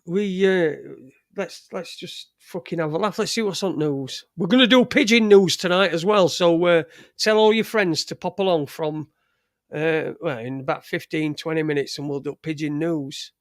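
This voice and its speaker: A man's voice: on the high side, no room sound, studio quality. Sweary rambling man. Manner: profane, rambling, halting with many restarts. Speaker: live show host. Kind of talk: casual live-stream rant.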